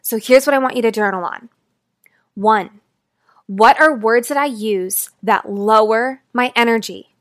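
A woman life coach talking straight to her listeners in a podcast monologue, swinging between fast, loud stretches and slow, quiet ones. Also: a little high, dry recording, studio quality.

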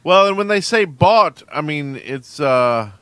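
A man co-hosting a podcast in casual chat, joking and rambling, often trailing off quietly at the ends of thoughts. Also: on the high side, expressive, a little slow, smooth, dry recording. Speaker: podcast co-host.

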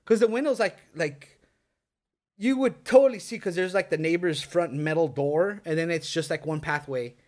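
A man's voice: fairly high pitch, moderate pace, a little mellow. A middle-aged man telling a spooky story on a podcast, rambling and swearing, full of likes and dudes. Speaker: podcast co-host. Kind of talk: casual storytelling among friends. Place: indoor podcast setup.

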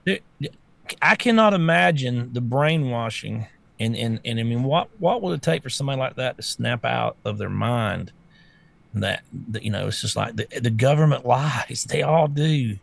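A man's voice: mid-range voice, animated, normal speed, vocal fry. A man co-hosting a casual talk show, blunt and exasperated, often stammering and restarting. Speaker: co-host.

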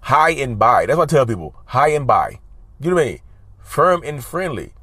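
A man's voice: medium pitch, very animated, moderate pace, sharp tone, husky, no room sound. A man talking casually to his viewers, giving advice in an emphatic, repetitive way and often calling them y'all. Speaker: advice vlogger. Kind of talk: casual talk to camera.

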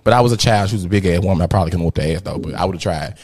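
A man, a podcast host telling a rowdy, profane story in casual chat, jumping between loud outbursts and muttered asides. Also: low-pitched, rapid-fire. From Memphis, USA. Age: 30s.

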